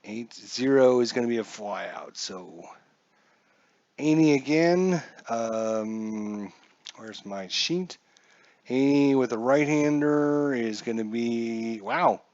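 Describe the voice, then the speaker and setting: A man narrating a solo dice baseball game at an unhurried pace, chatty and joking to himself as he reads his charts. The sound is dull and muffled, with a dry, close feel. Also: medium pitch, expressive, darkish tone, no echo. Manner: chatty, jokey, talks to himself while checking charts.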